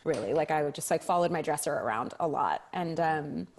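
A young woman with a slightly low voice chats as a guest in an interview. She tells stories with animation, acting out little gasps and reactions. Her talk is loose and conversational, full of restarts. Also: a little fast, slight background noise. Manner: animated storyteller, acts out kids' reactions. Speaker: stage actress, guest. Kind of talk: casual interview chat.

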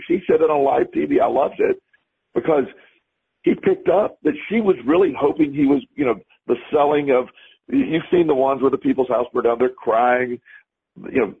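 This podcast co-host's medium-pitched voice is creaky and husky, and he speaks at normal speed. Chatting casually, he tells a rambling story and tends to repeat words when beginning sentences; the recording sounds lo-fi, like a phone.

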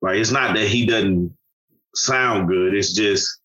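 Low husky male co-host, halting and thoughtful. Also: pushed and bright, dull audio. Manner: hesitant, rephrases, many fillers. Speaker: podcast co-host. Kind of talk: casual music review chat.

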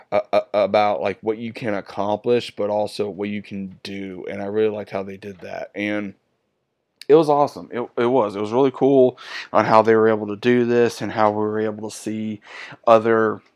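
A man's voice: on the low side, steady tone, moderate pace, a little mellow. A man in his thirties, chatty and enthusiastic, giving a casual movie review to his viewers.

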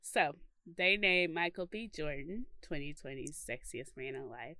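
A low-pitched woman chatting casually as a podcast co-host, her voice bright and clear. She swears freely, leans on "like," and her pitch moves around a lot. The recording is dry and close. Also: lively intonation, measured pace, dry recording. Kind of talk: casual chat.

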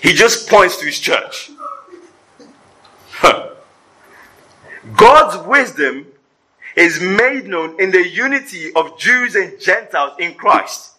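Man preaching, high bright husky voice, animated sermon with wry jokes. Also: takes it slowly, long pauses, poor audio. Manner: animated preaching with humorous asides. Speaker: pastor. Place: church service before a congregation.

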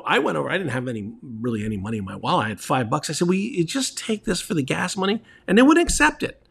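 A man's voice: mid-range voice, vocal fry, fairly bright tone, breathy edge. A middle-aged man telling casual, rambling travel stories as host, with lots of fillers and restarts.

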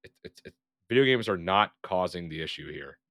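A man's voice: low voice, expressive, a little fast, fairly bright tone, no room sound, clean studio sound. A man co-hosting a podcast, speaking earnestly in casual chat and often agreeing. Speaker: podcast co-host.

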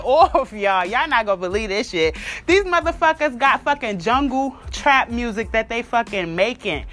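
A woman with a fairly high voice rants on her podcast, blunt, profane and openly mocking. Faint music plays quietly behind her. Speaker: podcast host. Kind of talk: casual opinion rant.

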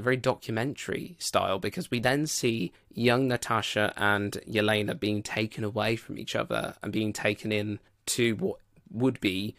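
A man's voice: fairly low pitch, gravelly, fairly bright tone, dry recording, studio quality. A man giving a casual spoken film review, rambling and loose with plenty of "like" and "you know".

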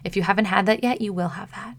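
A woman's voice: medium pitch, fast talker. A woman hosting a solo coaching podcast, talking casually and chattily and acting out her own inner voice.

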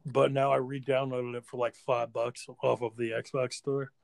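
Podcast co-host, man in his twenties, gravelly, dry close mic, laughs through his own riffs. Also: medium pitch, flat delivery, moderate pace, no room sound. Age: 20s. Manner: laughs mid-sentence while riffing. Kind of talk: casual banter.

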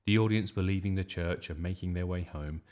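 A man reading a children's story aloud in a lively, expressive way. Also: low-pitched, fairly quick. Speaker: storybook reader.

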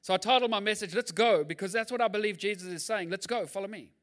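A male pastor preaching a sermon in an animated, jokey way, acting out Bible scenes. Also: high-pitched, quick pace.

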